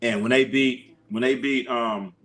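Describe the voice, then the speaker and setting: A man hosting a casual sports livestream, talking in an animated, profane way and sometimes mimicking whiny crying voices. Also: medium pitch, unhurried, slight background noise.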